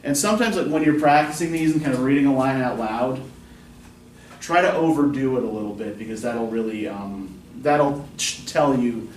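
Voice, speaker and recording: A man's voice: mid-range voice, normal speed, a little mellow. A man teaches a college poetry class from the front of a classroom. He explains patiently and keeps putting questions to his students. The recording is roomy and picked up from a distance, with a faint hiss underneath. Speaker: college English instructor.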